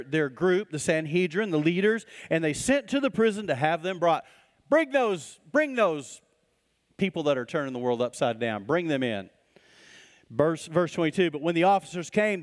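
A male pastor preaching a lively, joking sermon and reading scripture aloud. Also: a little high, long reverb tail. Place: church sanctuary.

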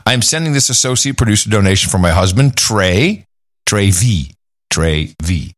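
A man's voice: lowish voice, animated. A man co-hosting a podcast, chatting casually and joking as he reads out listener donation notes. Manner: joking, laughs often, quick asides. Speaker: podcast co-host.

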